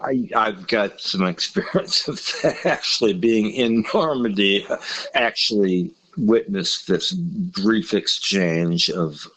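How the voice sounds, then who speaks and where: A man with an Irish accent, co-hosting a podcast in casual, halting chat with many fillers and restarts. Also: lowish voice, a bit bright, low-quality recording. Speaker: podcast co-host.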